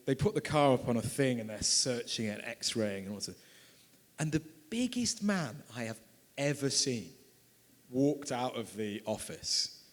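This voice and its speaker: British man in his 30s, lively anecdote-teller at a live talk, reverberant hall. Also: medium pitch. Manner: animated, laughing storyteller. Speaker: author and filmmaker. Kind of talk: storytelling at a book talk. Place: event hall.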